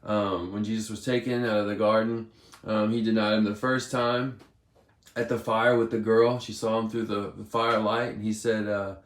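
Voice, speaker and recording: A man with a fairly low voice talks through a Bible passage in an easygoing devotional style. He retells it loosely and pauses often on fillers. The room around him adds a noticeable echo. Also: level tone. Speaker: devotional speaker. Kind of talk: casual Bible devotional talk. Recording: roomy echo.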